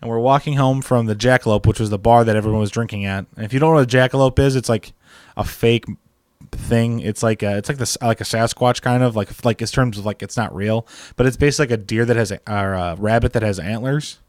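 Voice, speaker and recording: A man's voice: mid-range voice, fast, a little mellow, dry recording, studio quality. A man hosting a live stream, telling a rambling casual story full of "like" and filler. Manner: rambling, heavy use of "like". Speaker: stream host.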